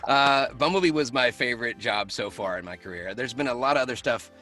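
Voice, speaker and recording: A man who works as a voice actor, chatting as an interview guest. He tells animated stories and laughs often. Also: mid-range voice, a little fast, faint music behind. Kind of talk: casual interview chat.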